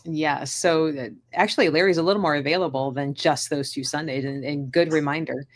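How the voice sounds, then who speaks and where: Low-pitched female host, playful and self-mocking, casual chat. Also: steady tone, fairly quick. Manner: joking, self-mocking sarcasm.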